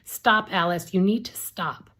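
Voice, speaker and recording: A woman voicing a frightened teenage girl who pleads and yells urgently, in a storybook reading. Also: mid-range voice, a little slow, voice pushed up. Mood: urgent, pleading.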